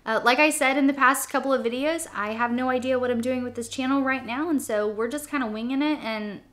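A woman's voice: sits high, a little fast, a bit bright. A young woman talks straight to camera from her she shed in a loose, rambling way. She fills her speech with ums and restarts as she chats along casually. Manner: chatty, rambling, many fillers and restarts. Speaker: vlogger.

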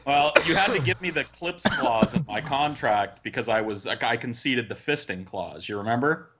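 A man's voice: mid-range voice, lively intonation, normal speed, heavy background noise. A man on a casual podcast, joining the banter in a sheepish, playfully defensive way. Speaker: podcast regular.

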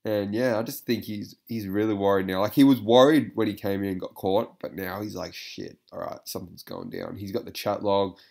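A man's voice: on the low side, animated, a little fast, gravelly, hardly any pauses, darkish tone. A man giving casual reaction commentary, rambling with lots of fillers, swearing and frequent laughter.

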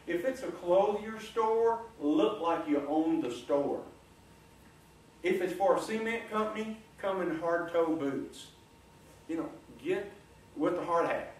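A middle-aged man with a drawl gives a folksy, animated motivational talk, his voice sitting a little high. He is picked up from a distance in a large, very echoey lecture room. A faint hiss runs underneath. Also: slow. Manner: folksy, animated, coaxing the audience. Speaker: guest speaker.

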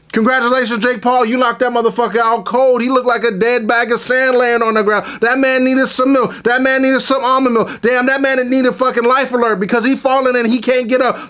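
A man with a strikingly high voice for his sex tears into his subjects in a comedic rant. He swears freely and piles up exaggerations. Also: a bit bright. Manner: profane, exaggerated ranting. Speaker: comedy vlogger.

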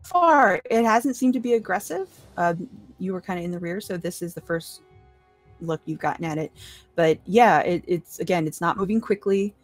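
A woman narrates a tabletop game as dungeon master, laying out each scene in a calm, measured way. She often pauses on fillers. Her voice is recorded dry and close, with no room sound. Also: on the low side, no room sound, faint music behind.

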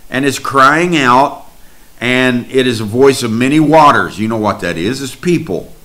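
A man delivers a sermon with scripture readings. He speaks unhurriedly and stretches out his phrases in a preaching cadence, and his voice sits at an ordinary middle pitch. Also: fairly bright tone. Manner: slow, drawn-out preaching cadence.

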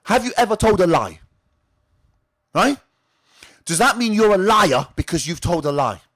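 A man's voice: high-pitched, moderate pace. A man hosting a weekly trading tip, teaching straight to his viewers and firing off rhetorical questions that he answers himself. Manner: animated, asks rhetorical questions and answers them. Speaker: trading educator and show host. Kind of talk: direct-to-camera teaching talk.

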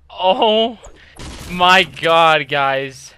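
A young man giving casual, excitable gameplay commentary as a gaming YouTuber, swearing constantly and shouting when hyped. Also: a little high, moderate pace, smooth, dry recording.

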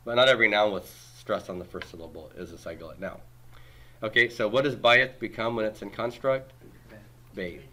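A man's voice: lowish voice, brisk, bright, forceful tone. A man teaching a Hebrew grammar class, explaining patiently and quizzing his students with questions and homely comparisons.

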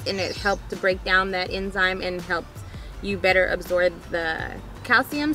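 A woman's voice: lowish voice, sharp tone. A woman talking frankly in a casual video diary, complaining and chatting as a vlogger. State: out of breath.

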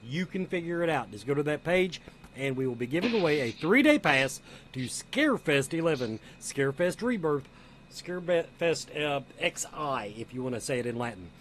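A man's voice: a little high, big pitch swings, moderate pace, fairly bright tone, a little hiss or hum. A man hosting a show, making upbeat announcements to the audience. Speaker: host.

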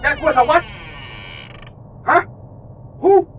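A man's voice: very high-pitched, slow pace, background noise. A man playing a horror game in virtual reality, reacting with yelps, swearing and running commentary, likely on a headset mic. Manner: jumpy, swears, yelps and talks back to the game. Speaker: gaming YouTuber. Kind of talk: VR horror let's play commentary.

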